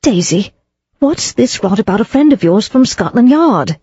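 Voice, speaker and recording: An eager young Englishwoman chatters with girlish slang and warmth, as a woman puts her on. Her tone is mellow and a bit husky. The sound is dry and slightly dull. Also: a little high, animated, normal speed, no room sound, pitched above the performer's own voice.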